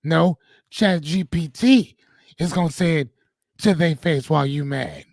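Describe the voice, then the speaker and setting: A man hosts a live coaching stream. He reads viewer comments and riffs on them in an animated, slangy, joking way. His voice sits a little high, and the sound is dry and close to the mic. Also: measured pace, no room sound. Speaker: host and coach.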